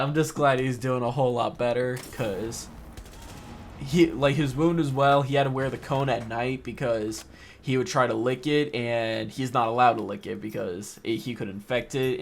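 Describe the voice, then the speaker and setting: A man's voice: mid-range voice, creaky, slight background noise. A young man, a gaming vlogger, talking casually and emotionally over gameplay. He rambles and leans heavily on "like" and "or whatever", and his voice wavers.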